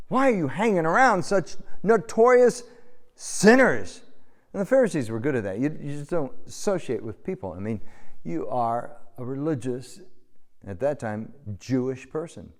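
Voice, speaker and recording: A middle-aged American man preaching a sermon and telling a story, in a conversational style. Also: medium pitch. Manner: conversational storytelling, animated when shouting. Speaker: pastor. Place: church sanctuary. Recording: long hall reverb.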